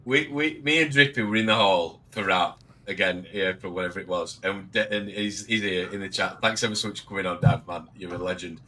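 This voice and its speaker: A man's voice: sits low, fairly quick, hardly any pauses, sharp tone, rough recording. A British man hosting a casual online panel chat, talking loosely and choosing his words with care. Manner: chatty, careful with his words. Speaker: livestream host.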